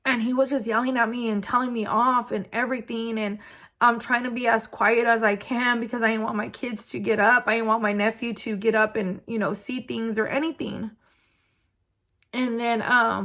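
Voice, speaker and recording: A woman's voice: on the high side, fairly bright tone. A young adult woman vlogger telling a personal story in a casual, rambling way, with lots of fillers. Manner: rambling, filler-heavy, conversational.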